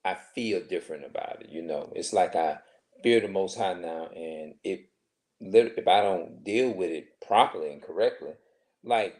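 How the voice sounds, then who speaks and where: A man in his forties talking to camera in a rambling personal monologue, halting and restarting often. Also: deep voice, darkish tone. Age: 40s. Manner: halting, many restarts and filler phrases. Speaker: vlogger.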